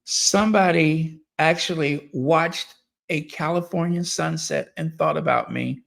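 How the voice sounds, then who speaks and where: Slow-talking man thanking his viewers. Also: fairly high pitch, gravelly, fairly bright tone. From United States. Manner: slow, drawn-out, emotional and effusive with thanks. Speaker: channel host reading member messages. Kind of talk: live-stream chat reading.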